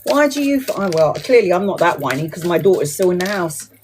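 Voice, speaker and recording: A woman's voice: on the low side, sing-song, a little fast, a little mellow, slight background noise. A woman giving a live tarot reading who talks bluntly and chattily and swears casually. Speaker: tarot reader.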